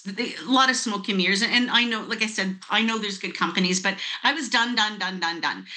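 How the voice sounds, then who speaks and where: Bright-voiced woman telling a lively story. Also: medium pitch. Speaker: network marketing guest. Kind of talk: storytelling on a video call.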